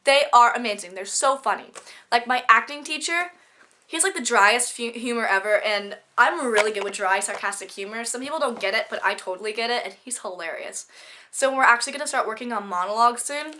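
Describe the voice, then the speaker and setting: Stuffed up from a cold, a teen student vlogger chats casually and rapidly about her school classes, bubbly and gushing throughout. Her voice sits on the high side with a sharp tone.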